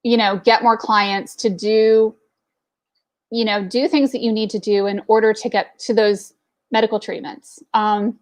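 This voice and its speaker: A woman's voice: medium pitch, little pitch movement, measured pace. A woman in her forties telling a candid personal story in casual talk, with plenty of fillers. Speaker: entrepreneur network speaker.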